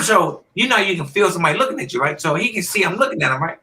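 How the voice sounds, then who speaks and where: A man in his fifties, a former boxer and podcast guest, telling animated stories in a casual interview and often clearing his throat. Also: sits high, very fast, few pauses, slight background noise, poor audio. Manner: animated storyteller who acts out quoted voices.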